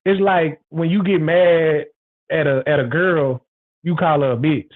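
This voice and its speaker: A man's voice: fairly high pitch, fairly even intonation, unhurried. A man hosting a show, talking frankly in a rambling, repetitive, emphatic casual monologue. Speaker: show host. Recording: tinny phone-like audio.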